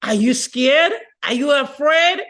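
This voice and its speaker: A woman voicing a calm, steady warrior husband who speaks firmly and without fear. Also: high voice, takes it slowly, pitched above the performer's own voice, exaggerated voice. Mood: testing. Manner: calm and firm.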